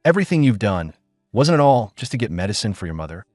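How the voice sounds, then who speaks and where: A man's voice: on the low side, sing-song, quick pace, darkish tone, dry recording, clean studio sound, faint music behind. A man voicing a cold, scornful young wife who talks with sneering contempt. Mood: venomous.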